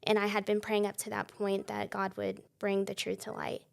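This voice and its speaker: A young woman, sharing her faith testimony as a guest in a conversational interview. She is a lively storyteller who laughs often and acts out the dialogue she quotes. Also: mid-range voice, moderate pace, creaky. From Texas.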